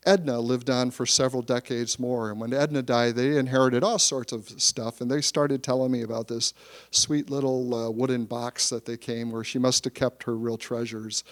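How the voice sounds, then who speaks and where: A middle-aged man from Michigan, an author giving a public talk, telling lively anecdotes with frequent restarts. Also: medium pitch. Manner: storytelling with restarts, livening up for anecdotes.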